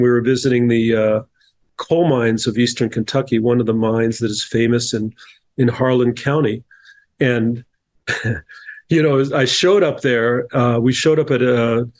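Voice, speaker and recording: A middle-aged man from New Jersey, a guest telling stories in a casual interview, thoughtful, with frequent restarts and repeated words. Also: medium pitch. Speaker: podcast guest, author and coach.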